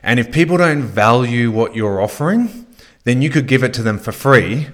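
A man's voice: mid-range voice, animated, normal speed. A man hosting a podcast, talking casually with lots of fillers and repeated phrases as he coaches listeners on sales. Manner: conversational, many fillers, repeats himself. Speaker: podcast host.

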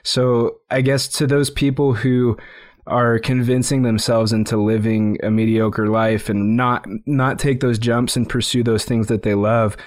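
A man's voice: mid-range voice, little pitch movement, measured pace. A man with an ordinary mid-range voice hosts a podcast interview. He asks long, earnest questions, circling around his point with lots of fillers. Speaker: podcast host.

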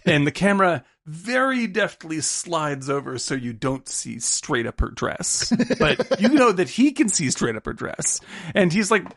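A man co-hosting a podcast, animated and laughing often as he acts out scenes from films in quick impressions. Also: on the high side, slightly rough, no echo, clean studio sound. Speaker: podcast co-host. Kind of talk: casual film discussion.

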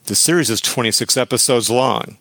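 A man's voice: mid-range voice, a little fast, a bit bright, no room sound. A man co-hosting a podcast, talking in a thoughtful, analytical way. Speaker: podcast co-host. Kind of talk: casual chat.

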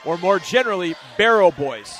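A man's voice: high-pitched, expressive, fairly quick, a bit bright. A man co-hosting a radio show, chatting casually in a jokey, playful way. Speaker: radio co-host. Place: on location at a bar in London. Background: music.

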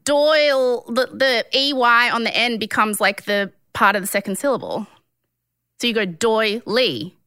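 A woman co-hosting a podcast in casual chat, animated and quick to laugh in disbelief. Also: fairly high pitch, clean tone, no echo, studio quality. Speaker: podcast co-host.

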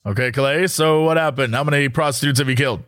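A man's voice: medium pitch, fast talker, a bit bright, voice pushed down, natural voice. A man voicing a brash male radio shock jock who grills a caller with blunt, prying questions.

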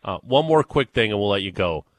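A man's voice: on the low side, expressive, a little fast, no room sound. A man from Western New York hosting a radio show, bantering loosely and laughing often. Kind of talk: casual studio banter.

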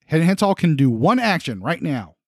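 A man's voice: a little high, very animated, moderate pace, no room sound, clean studio sound. A man acting as game master, narrating a tabletop game in a casual, easygoing way.

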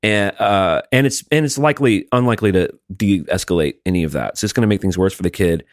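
A man's voice: fairly low pitch, quick pace, dry recording, studio quality. A man in casual chat, reflective and filling his speech with "like" and "you know". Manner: reflective, heavy use of "like".

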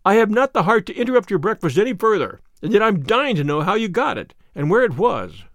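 A man reading the part of an anxious, excitable young gentleman in an audiobook, speaking in a strained, emotional way. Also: sits high, fairly quick, no echo, pitched above the performer's own voice, heavily acted. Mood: eager.

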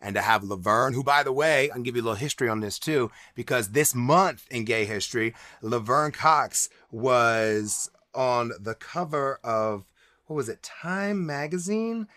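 A man co-hosting a podcast, chatting in animated, quick bursts. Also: mid-range voice, no echo, clean studio sound. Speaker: podcast co-host. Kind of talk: casual chat.

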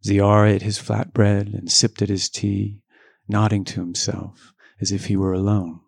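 A man's voice: fairly low pitch, a little slow, vocal fry, slightly rough, no echo, studio quality. A man reading a novel aloud in a casual way, shifting his voice for the dialogue. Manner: reads dialogue with lively voice changes and joking asides.

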